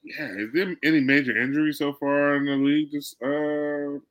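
A man's voice: on the high side, level tone, normal speed, fairly bright tone. A man co-hosting a sports podcast, boasting and trading playful trash talk. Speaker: podcast co-host. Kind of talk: casual sports chat.

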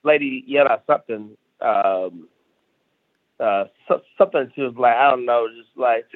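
A stand-up comedian from South Carolina talks casually yet forcefully as a podcast guest, repeating himself mid-rant. He has a medium-pitched voice at a normal speed, captured in a dry, tinny, phone-like recording.

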